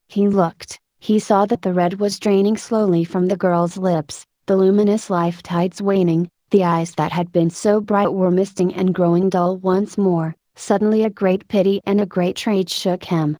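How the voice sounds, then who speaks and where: A woman narrating an audiobook in a measured, lyrical storytelling manner. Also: fairly low pitch, steady tone, darkish tone, no room sound. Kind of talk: scripted narration.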